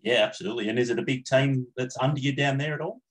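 A man's voice: medium pitch, fast, slightly rough, low-quality recording. A man hosting a casual racing podcast interview, easygoing, calling his guest mate and filling gaps with uhs. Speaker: podcast host.

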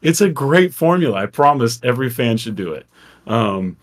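A man's voice: mid-range voice, very animated, moderate pace. A man co-hosting a sports podcast, chatting casually in loose, profane bursts with frequent restarts. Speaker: podcast co-host.

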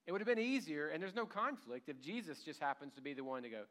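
Man, pastor, sermon, animated storytelling, lively delivery, slightly high voice. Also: fast talker. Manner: animated storytelling, chuckles through lines.

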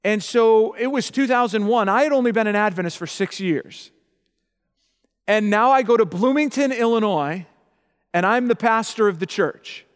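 This sermon comes from a middle-aged pastor whose high-pitched voice is smooth and moves at a moderate pace. Often asking his audience "okay?", he repeats himself to drive points home. Long reverb from a hall surrounds the recording.

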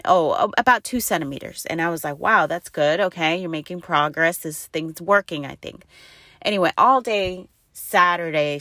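A woman's voice: deep voice, a bit bright, no echo, clean studio sound. A middle-aged woman telling a family story in a chatty, rambling way, full of restarts and quoted dialogue. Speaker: mother telling a birth story. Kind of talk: casual storytelling.

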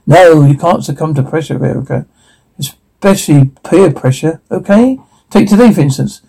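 A man voices a lonely young man who has made a school cellar his home. His tone sits a touch high and mellow, and he talks in soft, rambling bursts of unsettling devotion. Like a horror game figure, he sounds sincere and off at once. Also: expressive, normal speed, gravelly, slightly rough, exaggerated voice, poor audio. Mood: preachy.

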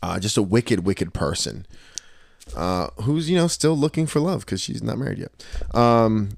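A man's voice: on the low side, moderate pace, creaky, no room sound. A man in his thirties hosting a podcast, telling a story with lots of swearing and acted-out quotes. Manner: animated, profane storyteller who acts out quotes. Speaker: podcast host. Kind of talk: casual storytelling.

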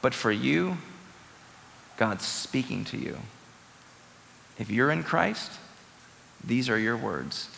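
A man's voice: mid-range voice, animated, takes it slowly, vocal fry, long pauses, a bit bright, a little hiss or hum. A man preaching a sermon as pastor, emphatic and conversational, repeating phrases for weight. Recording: reverberant hall.

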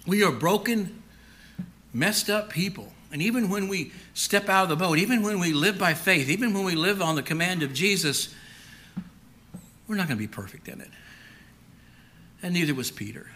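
A pastor with a mid-range voice preaches a sermon, swinging from loud, emphatic lines to hushed near-whispers. He acts out a frightened Peter in the first person.

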